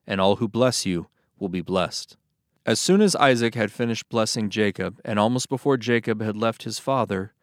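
A man reading Bible passages aloud as scripted narration, with a steady, even storytelling delivery. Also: on the low side, no echo, studio quality. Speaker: Bible reader.

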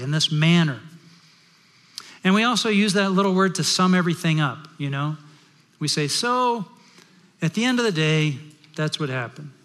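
A middle-aged man preaching a sermon as pastor, telling stories and moving between loud and hushed delivery. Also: fairly high pitch. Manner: storytelling, shifting from loud to hushed. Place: large worship hall. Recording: long hall reverb.

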